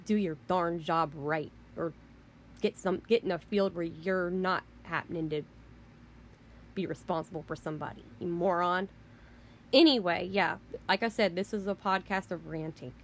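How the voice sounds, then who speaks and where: Slight background noise sits under this podcast host's fairly low-pitched voice as she rants at a moderate pace. She's indignant and heated, with mild swearing and frequent restarts in her casual tirade.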